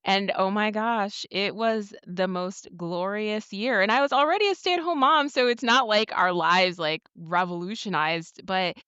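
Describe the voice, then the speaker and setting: A woman guest telling stories in an interview, lively and acting out the dialogue she recalls. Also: medium pitch, measured pace, hardly any pauses, clear, resonant tone, no echo, lo-fi sound. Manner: animated storyteller who acts out quoted dialogue. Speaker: guest, homeschooling author. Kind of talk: storytelling in conversation.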